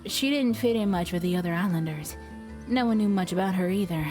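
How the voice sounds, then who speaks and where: A woman voicing a brisk, modern-minded young female diver, reading game dialogue aloud with a light put-on accent. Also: lowish voice, darkish tone, faint music behind, pitched below the performer's own voice, natural voice. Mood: matter-of-fact.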